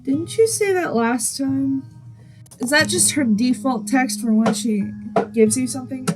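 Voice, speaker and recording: A woman's voice: high-pitched, measured pace, over music, poor audio. A woman hosting a gameplay video, chatting casually and apologizing with a laugh at herself. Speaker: gaming video host.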